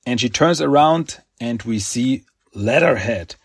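Slow husky guy rambling through a comic recap, dry close sound. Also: medium pitch, expressive, no room sound. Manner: rambling, halting, with fillers and acted quotes. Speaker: podcast host. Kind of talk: casual comic-book recap.

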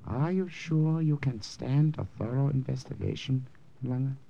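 An actor playing a timid clerk who speaks earnestly and haltingly in a 1940s-style radio drama, on a muffled old recording. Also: male voice, mid-range voice, creaky, mellow. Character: timid middle-aged male clerk turning brave. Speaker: administration clerk.

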